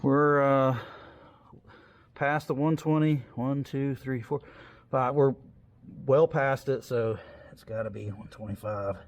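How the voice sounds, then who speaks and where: A man's voice: mid-range voice, steady tone, slow pace. A man in a casual workshop how-to video, talking loosely with plenty of fillers while he wrenches on an engine in a garage. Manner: loose and chatty, lots of fillers. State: out of breath from heavy wrenching. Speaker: car hobbyist showing an engine install.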